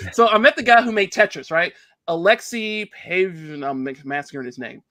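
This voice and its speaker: Man, game developer, casual podcast chat, bright voice, lively pitch. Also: normal speed, no echo. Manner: excitable, animated storyteller.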